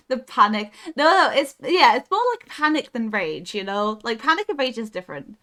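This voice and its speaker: Young woman gamer for a casual stream: high, bright, excitable and giggly. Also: measured pace, pauses often. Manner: excitable, giggly, yelps when startled. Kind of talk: casual gameplay chat.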